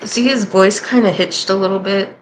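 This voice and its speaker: A woman's voice: mid-range voice, fairly even intonation, moderate pace, background noise. A woman hosting a reaction commentary, candid and sarcastic in her skeptical remarks. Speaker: host and commentator.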